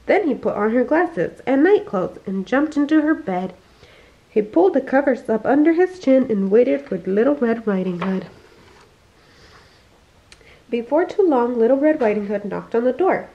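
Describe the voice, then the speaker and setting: A woman reading a children's bedtime story aloud, expressive and slowing down for emphasis, on a dull lo-fi recording. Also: on the high side, gravelly. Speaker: family storyteller.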